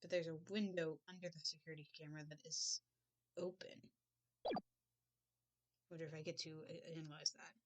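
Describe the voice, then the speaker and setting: A woman's voice: sits low, level tone, fairly quick, long pauses, noisy background. A woman playing a game and commenting casually, thinking aloud as she reads the screen. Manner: casual, thinking aloud while reading dialogue. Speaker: game player. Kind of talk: let's play commentary. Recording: game music playing underneath.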